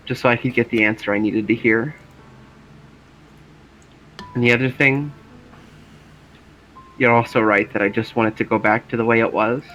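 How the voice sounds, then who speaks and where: A man's voice: medium pitch, fairly even intonation, moderate pace, pauses often, fairly bright tone, soft background music, close to an everyday voice. Sayori, a man playing a fragile, heartbroken schoolgirl. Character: shy, fragile teenage girl with a crush. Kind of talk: voice-acted game reading.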